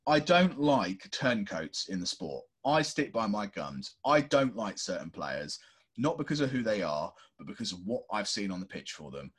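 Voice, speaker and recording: A man's voice: fairly low pitch, sing-song, normal speed, a bit bright, husky. A man co-hosting a podcast in casual chat, talking in an impassioned, ranting way and swearing freely. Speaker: podcast co-host.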